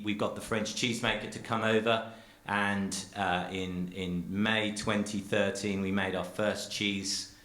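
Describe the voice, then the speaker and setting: A dairy farmer and cheesemaker giving an earnest, rambling public talk full of restarts, speaking from a theatre stage. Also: male voice, on the low side, fairly bright tone, reverberant.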